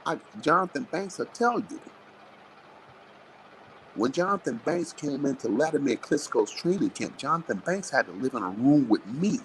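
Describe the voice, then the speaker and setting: A man, a boxing trainer, telling blunt, animated stories with plenty of swearing in a live interview. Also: medium pitch, moderate pace, a little hiss or hum, rough recording. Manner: animated, blunt, profane storytelling.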